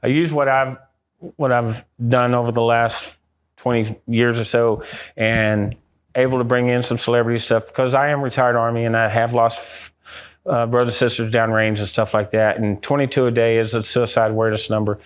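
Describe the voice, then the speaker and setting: A middle-aged American man, a guest on an interview, telling a ghost story with lively acted-out quotes. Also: medium pitch, moderate pace, clear, resonant tone. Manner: acts out quotes in a raised excited voice.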